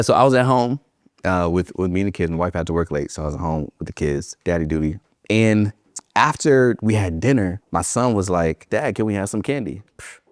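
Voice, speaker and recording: A man's voice: fairly low pitch, dry recording, studio quality. A man giving a motivational keynote to educators, emphatic and repeating phrases for effect, telling personal stories with humor.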